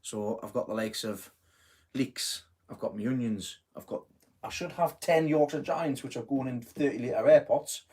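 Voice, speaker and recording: A man's voice: mid-range voice, normal speed, dark tone, slightly rough. A middle-aged man hosting a casual live stream, chatting in a rambling way, full of fillers and self-corrections. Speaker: host of a live gardening stream.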